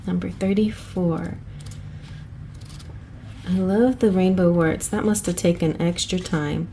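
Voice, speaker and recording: A woman hosting a casual flip-through review of an oracle deck, chatty and excitable, thinking aloud and restarting her sentences. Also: on the low side, slow, creaky, a little hiss or hum. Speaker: tarot channel host.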